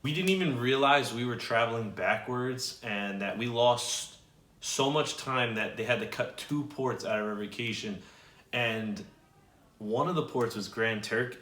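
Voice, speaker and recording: A man's voice: fairly low pitch, a bit bright, roomy sound. A young man co-hosting a vlog, telling a story in a chatty, easygoing way with some stumbles. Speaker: vlog co-host. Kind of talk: casual storytelling to camera.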